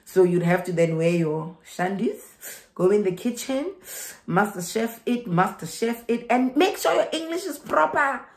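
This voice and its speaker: A woman's voice: medium pitch, animated, measured pace, echoey room. A young South African woman with a South African accent giving migration advice in a chatty vlog, laughing and repeating herself for emphasis.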